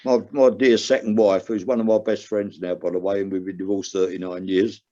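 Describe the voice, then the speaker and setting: Older man, low dull-sounding voice. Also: flat delivery, fairly quick, mellow. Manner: earnest, emotional, rises sharply when stressing a point. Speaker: guest, recovering gambler. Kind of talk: candid personal storytelling.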